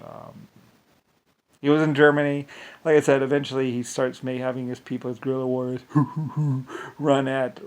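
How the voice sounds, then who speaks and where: A man's voice: medium pitch, rough recording. A man in a casual, rambling rant, scornful, full of restarts and fillers.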